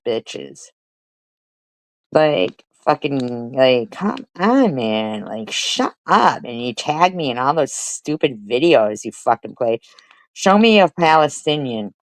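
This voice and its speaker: A middle-aged woman with a very low voice rants on her stream. She mocks and curses at a clip she plays. The sound is dry and close. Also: dry recording, low-quality recording. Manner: profane, mocking, talks back at a played clip. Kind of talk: heated commentary over played clips.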